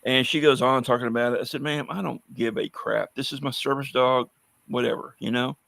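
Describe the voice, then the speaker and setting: A man's voice: mid-range voice, fairly even intonation, fairly quick, creaky, fairly bright tone, dry recording. A man telling blunt, wry stories in a casual podcast conversation. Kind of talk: casual anecdotal storytelling.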